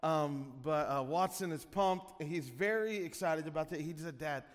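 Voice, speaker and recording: A man in his thirties leads a church service in a high, bright voice, chatty and teasing with the congregation. His words ring out with the long reverb of a large church hall. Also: normal speed. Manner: playful, chatty, teasing the crowd. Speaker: pastor. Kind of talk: sermon opening, casual and joking with the congregation.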